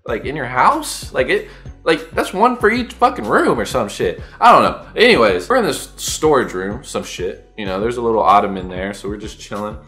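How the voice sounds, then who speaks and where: A man's voice: mid-range voice, very animated, moderate pace, sharp tone, soft background music. A young man telling a story on his vlog, slangy and profane, acting out his own past lines. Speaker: vlogger.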